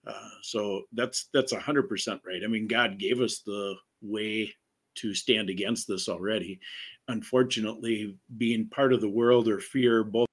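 A man hosting an interview, speaking in an earnest, deliberate way. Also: lowish voice, a bit bright. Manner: earnest, deliberate, faith-based talk. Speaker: podcast host. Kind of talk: conversational interview.

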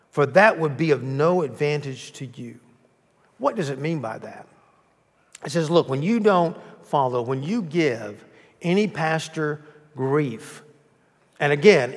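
Man preaching in a reverberant church. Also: fairly high pitch. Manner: earnest, emphatic preaching with restarts. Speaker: pastor. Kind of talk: sermon. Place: church sanctuary.

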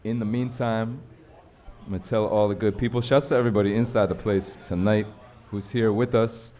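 A man hosting a live radio show from a bar storefront, talking in a relaxed, casual way and affirming his guest often. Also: fairly low pitch, a little fast. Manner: laid-back, affirming with frequent backchannels.

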